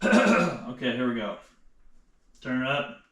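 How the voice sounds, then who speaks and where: A man's voice: medium pitch, big pitch swings, takes it slowly, a bit bright. A man talking casually to himself during a home workout, rambling and swearing as he sets up. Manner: rambling, profane, mutters to himself. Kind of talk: casual self-talk while exercising. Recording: echoey room with faint noise.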